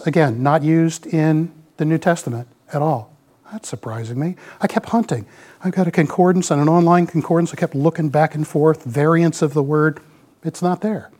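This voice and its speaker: Folksy man in his sixties, slightly high. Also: darkish tone. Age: 60s. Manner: folksy, rambling, many "you know"s. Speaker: lay speaker giving a church talk. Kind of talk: informal sermon with slides.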